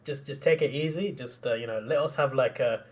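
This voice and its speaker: Excitable man reacting live. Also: mid-range voice, fairly quick, recorded from a distance. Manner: excitable, laughs often, trails off into mumbles. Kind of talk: casual live match reaction.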